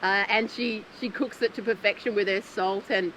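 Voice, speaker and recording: A woman's voice: medium pitch, steady tone, normal speed, fairly bright tone, slight background noise, poor audio. Chatty woman recapping outdoors. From Australia. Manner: chatty and heartfelt, with frequent laughs. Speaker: former contestant recapping the show. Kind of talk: casual reflective recap. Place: outdoors in nature.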